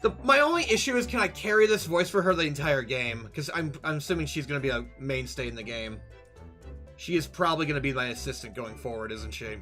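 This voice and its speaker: A man's voice: a little high, animated, fast, bright, forceful tone, soft background music. A man streaming a game live, chatting casually, swearing and laughing at himself. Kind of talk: live gameplay commentary.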